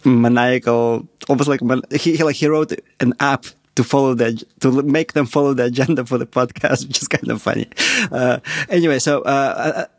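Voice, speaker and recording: A man co-hosting a podcast in casual chat, halting with many restarts and frequent chuckles. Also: mid-range voice, dry recording, studio quality. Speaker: podcast co-host.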